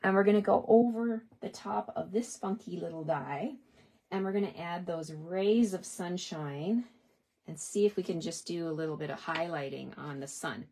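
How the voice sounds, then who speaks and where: A woman's voice: fairly low pitch, normal speed, dark tone, slightly rough. Chatty woman teaching card making. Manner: chatty, encouraging, talks to viewers. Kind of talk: live craft demonstration.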